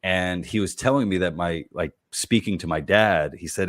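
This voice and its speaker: Very deep-voiced man telling a relaxed story. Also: no echo, studio quality. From United States. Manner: halting, many fillers and repeated words, laughs while telling stories. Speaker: comedian guest.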